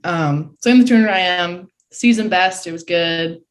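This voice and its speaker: A woman in her early twenties from Michigan, a guest excitedly retelling a race in a casual voice full of "like" fillers. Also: fairly low pitch, moderate pace. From Michigan, USA. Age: early 20s. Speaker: podcast guest, college swimmer. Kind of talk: casual storytelling.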